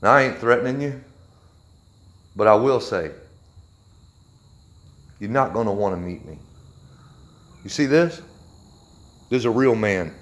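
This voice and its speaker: A man ranting heatedly on a livestream from his workshop, blunt and forceful. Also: lowish voice, expressive, a little slow, pauses often. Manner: heated, blunt, with a Southern drawl of words. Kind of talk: angry live video rant.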